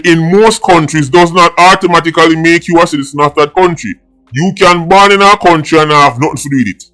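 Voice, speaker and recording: Jamaican man, middle-aged, fairly high voice, blunt and mocking political rant, soft music underneath. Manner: blunt, mocking and combative, switching between patois and English. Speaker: political vlogger. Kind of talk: opinionated monologue.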